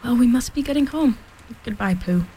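A brisk mother kangaroo talks in a cheerful, soothing way that turns firm and no-nonsense, a storybook parent at bath time, played by a woman reading aloud. Her voice is mellow and warm-toned. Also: on the high side, expressive, a little hiss or hum, natural voice, rough recording.

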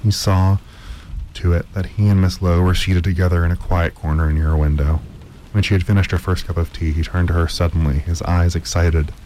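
A man reading a story aloud at a measured pace, with occasional stumbles and repeated words. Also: deep voice, fairly even intonation, warm tone, slight background noise, rough recording. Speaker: narrator.

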